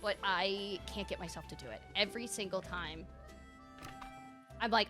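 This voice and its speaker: A woman streamer chatting casually to her live audience, rambling and animated, laughing often. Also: mid-range voice, moderate pace, pauses often, music in the background.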